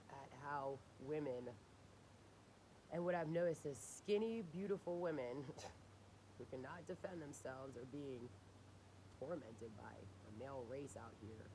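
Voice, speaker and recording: A woman's voice: a bass voice, slow, long pauses, poor audio. A woman ranting in a casual diary video, indignant and swearing as she retells arguments. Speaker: diary vlogger. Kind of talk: casual personal rant.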